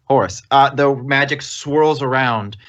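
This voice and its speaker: A man narrating as game master of a tabletop game on a live stream, relaxed and easily laughing. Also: mid-range voice, slow pace, lo-fi sound.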